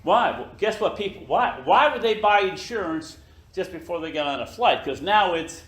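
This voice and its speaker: An older man giving a slow, emphatic motivational talk to his team in an office meeting room, now and then acting out little scenes in other voices. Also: high voice, lively intonation, fairly bright tone. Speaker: business leader speaking to his team. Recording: echoey room.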